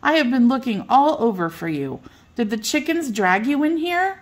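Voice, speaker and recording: An older woman reading aloud puts on an eager little girl from a bedtime storybook, fond and exclaiming. The voice jumps well above her own and rings out bright and loud. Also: fairly high pitch, sing-song, moderate pace, pitched above the performer's own voice. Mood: excited. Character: excited, affectionate little girl.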